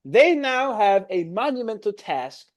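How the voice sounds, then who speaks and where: A man's voice: high voice, very animated, unhurried. A young man, ranting about his football team on a casual reaction stream, exasperated and dramatic. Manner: exasperated, ranting, swings from mumbled gloom to loud outbursts.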